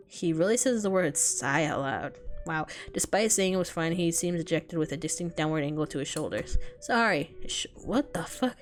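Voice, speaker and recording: A young woman streamer reading a visual novel aloud with quick, profane, self-deprecating banter. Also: sits low, lively intonation, soft background music.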